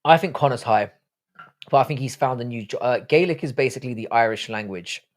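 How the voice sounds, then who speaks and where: A man's voice: medium pitch, fairly quick. A middle-aged man with a posh English accent, hosting a casual live stream with rambling, sweary chat. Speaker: livestream host.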